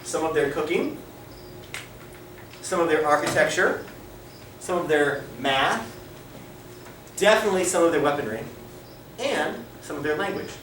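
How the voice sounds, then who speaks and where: A man's voice: fairly high pitch, a little slow, pauses often, a bit bright. A man teaching a class, asking questions and mixing Spanish phrases into his talk, recorded by a camera across the classroom. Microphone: camera across the room. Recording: echoey classroom from far off with faint noise.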